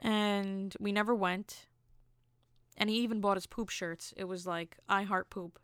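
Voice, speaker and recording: A woman's voice: medium pitch, steady tone, a little slow, fairly bright tone, clear, resonant tone, dry recording, studio quality. A young woman hosting a casual solo podcast, telling rambling, self-amused stories with jokey asides. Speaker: podcast host.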